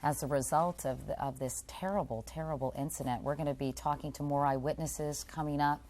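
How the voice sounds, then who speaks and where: A low-voiced woman co-anchors live breaking news. She stays composed and keeps asking follow-up questions. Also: fairly even intonation, fairly quick, a little mellow, slight background noise.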